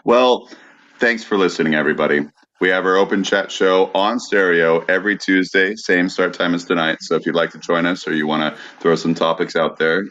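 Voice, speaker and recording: A man hosting a podcast, reading out the show's sign-off and contact details in a steady, announcer-like way. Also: sits low, highs cut off. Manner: steady, announcer-like wrap-up delivery. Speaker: podcast host. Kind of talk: show sign-off.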